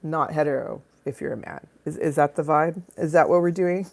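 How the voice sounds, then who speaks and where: A woman hosting a casual livestream on her phone, playful and crude, swinging between loud bursts and low mutters. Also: moderate pace, gravelly. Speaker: livestream host. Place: Los Angeles home.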